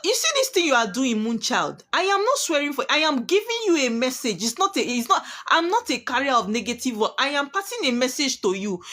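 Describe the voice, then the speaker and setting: Emphatic woman with a high, lively voice. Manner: emphatic, preachy, repeats warnings. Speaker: spiritualist giving warnings. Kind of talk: prophetic monologue to viewers.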